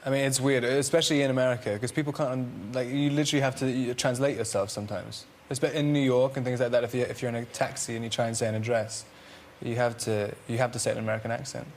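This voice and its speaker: A man's voice: mid-range voice, fairly even intonation, fast, hardly any pauses, a little hiss or hum. A man from Britain, a guest actor chatting casually on a talk show in a rambling way. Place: TV studio.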